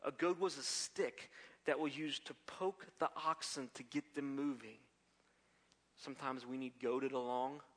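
A man preaching a sermon. He swings from loud emphasis down to hushed whispers, and he often repeats words and restarts his phrases. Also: medium pitch, fairly even intonation, a little slow.

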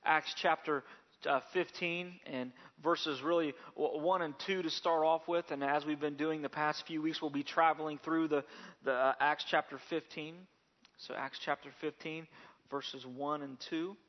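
A pastor preaching a sermon in a slightly high man's voice, often repeating words as he goes and slowing down on key phrases. The recording sounds a little dull and lo-fi. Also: steady tone, in a large hall.

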